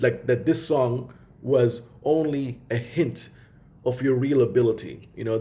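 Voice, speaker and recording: A man judging a talent show, giving halting feedback and often repeating himself. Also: mid-range voice, warm tone.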